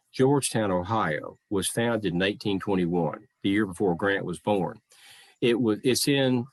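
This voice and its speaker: A middle-aged man with a low, deep voice tells a folksy, anecdotal story as a living historian, often quoting what others said to him. The sound is close and dry, with no room echo. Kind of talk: storytelling talk.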